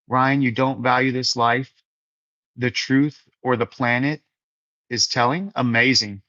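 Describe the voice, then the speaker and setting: A man's voice: mid-range voice, fairly even intonation, unhurried, pushed and bright, no echo, highs cut off. A man hosting a casual faith livestream, reading viewers' comments aloud and answering them in an earnest, encouraging way. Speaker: livestream fellowship host.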